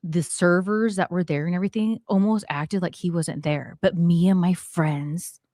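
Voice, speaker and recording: Woman in her forties, talk show host, animated storyteller, acts out quotes, dry close sound. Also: fairly low pitch, moderate pace, dry recording. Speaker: podcast host. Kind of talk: storytelling chat.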